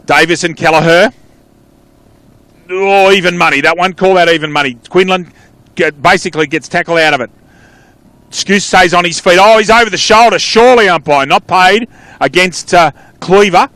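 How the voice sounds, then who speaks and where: A man with an Australian accent calling a local football match live, chatty, with quick calls that trail off into asides. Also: high voice, pushed and bright, no echo. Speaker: play-by-play commentator.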